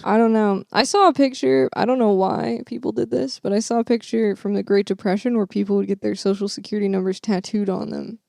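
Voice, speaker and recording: A woman's voice: mid-range voice, steady tone, brisk, creaky, few pauses, darkish tone, no room sound, studio quality. A young woman co-hosting a podcast in casual chat, joking and laughing often. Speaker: podcast co-host.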